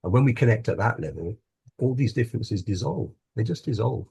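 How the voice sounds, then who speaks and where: A man's voice: fairly low pitch, expressive, a little fast, creaky, darkish tone, breathy edge. A man who grew up in Scotland, telling a personal story on a panel in an earnest, reflective way. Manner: earnest, reflective, with restarts and laughs. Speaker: wellbeing coach, panel guest.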